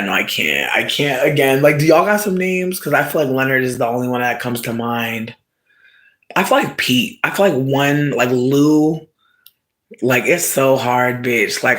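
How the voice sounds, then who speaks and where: In a mid-range voice, a streamer casually tells viewers a story. The delivery is animated and profane, punctuated by loud shouts and asides to the audience.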